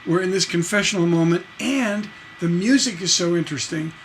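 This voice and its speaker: A man's voice: high voice, a little fast, slight background noise. A man teaching a casual songwriting lesson, explaining with enthusiasm and breaking into sung snippets and scatted rhythms. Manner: enthusiastic, conversational, sings melody snippets and scats rhythms. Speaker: songwriting instructor.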